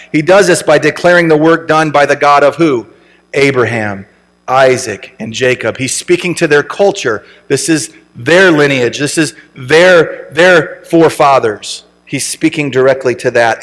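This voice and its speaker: A man's voice: medium pitch, a bit bright. A man preaching a conversational sermon as pastor, often checking in with rhetorical questions. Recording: long reverb from a large room.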